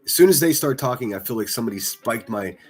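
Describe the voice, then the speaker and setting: A man's voice: mid-range voice, expressive, quick pace, soft background music. A man hosting a livestream, reacting to clips with mocking, profane, sarcastic commentary.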